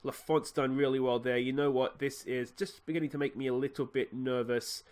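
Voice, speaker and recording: A man with an Australian accent hosting a let's play, chatting casually about his football management game and breaking into excited shouts when goals go in. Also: mid-range voice, brisk.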